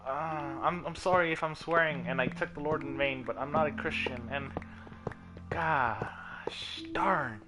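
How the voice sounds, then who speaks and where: A man from the United States talking casually over his gameplay, rambling and swearing often, with sudden excited outbursts. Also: fairly high pitch, a little slow, music in the background. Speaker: gaming video host. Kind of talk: casual gameplay commentary and rant.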